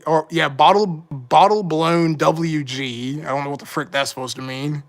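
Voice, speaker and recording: A livestream host rambles through casual live commentary in a fairly high, steady voice at normal speed, barely pausing. He corrects his own slips and sounds mildly frustrated.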